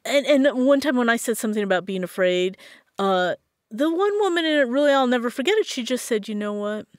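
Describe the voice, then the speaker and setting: A woman guest on a podcast interview, telling a personal story in an animated way and acting out what others said. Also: a little high, fairly quick, no echo, studio quality. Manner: animated, acts out quotes in a lively way.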